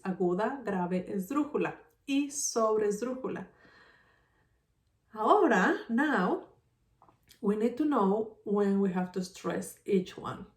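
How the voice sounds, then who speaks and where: A woman teaching a lesson patiently, repeating example words slowly and clearly. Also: mid-range voice, echoey room, far from the mic. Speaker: Spanish teacher. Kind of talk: slow explanatory lesson.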